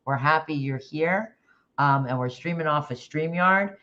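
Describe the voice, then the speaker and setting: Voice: mid-range voice, measured pace, sharp tone, muffled recording. A livestream host chatting casually about a case, rambling with restarts and greeting viewers in the chat by name.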